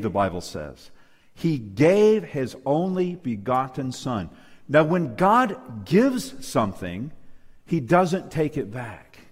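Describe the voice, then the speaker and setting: A man's voice: a little high, long reverb tail. A man preaching a sermon, emphatic and asking his listeners questions. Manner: emphatic, asks the audience questions. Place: church hall, live audience.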